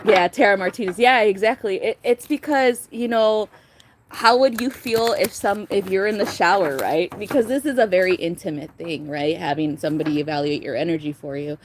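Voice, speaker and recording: A woman's voice: medium pitch, fairly quick, a little hiss or hum. A young woman doing a casual tarot reading vlog, talking chattily, laughing often and swearing casually. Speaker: tarot reader.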